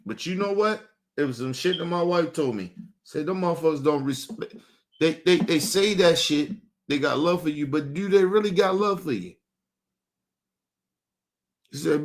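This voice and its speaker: A man's voice: fairly high pitch, lively intonation, unhurried. A man hosting a show, ranting angrily in with heavy swearing and a lot of repetition. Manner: angry, repeats himself, swears heavily. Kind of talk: heated on-air rant.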